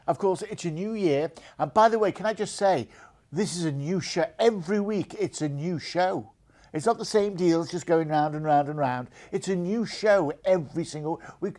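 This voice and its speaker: A man's voice: fairly high pitch, darkish tone. A man hosting a TV cruise deals show, talking in an enthusiastic, salesy, chatty way full of "you know" fillers.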